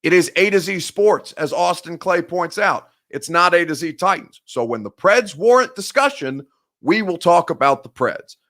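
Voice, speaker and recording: Fired-up sports host with Midwestern accent. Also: male voice, high voice, expressive, moderate pace, fairly bright tone. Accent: Midwestern American. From Indiana. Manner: heated, sarcastic, swears freely. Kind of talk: sports talk show rant.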